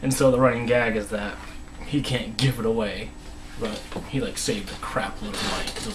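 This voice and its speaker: A man's voice: on the low side, moderate pace, background noise. A man casually recapping a TV episode, rambling with many restarts and voice dropping to a mumble. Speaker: episode reviewer.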